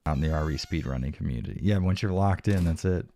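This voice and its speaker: A man's voice: low voice, fast, gravelly, dark tone, slight background noise. A man streaming a video game in casual live commentary, frustrated and swearing constantly, sometimes dropping to a whisper. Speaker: livestreamer playing a video game.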